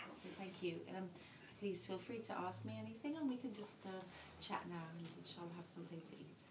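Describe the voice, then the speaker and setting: At a dinner held indoors, a woman invited to speak gives an earnest, emotional personal talk at medium pitch and moderate pace. The audio is very noisy, with a roomy feel and faint ambience from a distant microphone.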